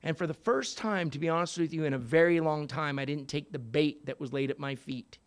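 A man in his sixties telling a story at a recovery meeting, animated and profane, swinging from hushed asides to loud outbursts. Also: fairly high pitch, brisk. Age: 60s. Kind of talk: storytelling talk.

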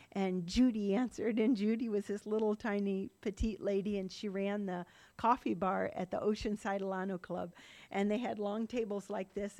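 A woman's voice: medium pitch, warm tone. A middle-aged woman sharing her personal recovery story in a rambling, run-on way, with laughing asides. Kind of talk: personal testimony talk.

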